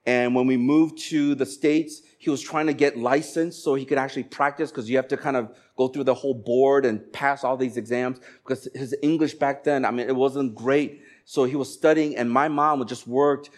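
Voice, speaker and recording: A man in his forties, from Korea, preaching a sermon and telling stories with animated voices for the people in them. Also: mid-range voice, normal speed, few pauses. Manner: animated storytelling, acting out dialogue. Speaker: pastor.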